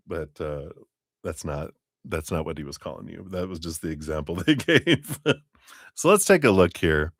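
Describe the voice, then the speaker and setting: Deep, slow-talking male tarot reader. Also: expressive, dry recording, clean studio sound. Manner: rambling, chatty, acts out quoted voices. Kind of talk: live-stream tarot reading.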